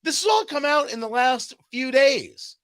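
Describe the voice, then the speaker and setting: Animated, sarcastic male talk host. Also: extremely high pitch, a little slow. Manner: sarcastic, animated, mocking asides. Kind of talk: political commentary monologue.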